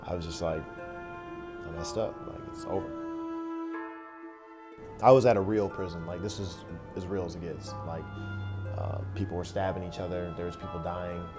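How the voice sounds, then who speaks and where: A young man in a documentary interview, telling his story in a plain, halting way, full of "like" and acted-out quotes. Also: low-pitched, fairly even intonation, over music.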